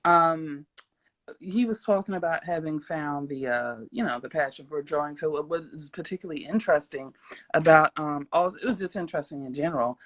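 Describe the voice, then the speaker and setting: A woman's voice: deep voice, brisk, fairly bright tone. A young adult woman hosting a casual livestream interview, playful and rambling, breaking into giggles and silly sound effects. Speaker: host.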